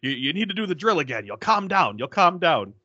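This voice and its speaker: A frantic, nerdy young man talks himself into things in a high, squealing voice that leaps around, as a man puts him on. The sound is a little dull and dry. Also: very animated, fairly quick, bright, forceful tone, no echo, full character voice.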